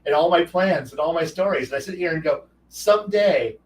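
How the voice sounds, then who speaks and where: A rambling, profane man holds forth on tabletop gaming, often restarting his sentences. His voice sits a little high for a man. He sounds set back from the mic in an echoey room with a faint hiss behind him. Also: fast. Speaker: host. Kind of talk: casual rambling talk. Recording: roomy echo, distant from mic, faint noise.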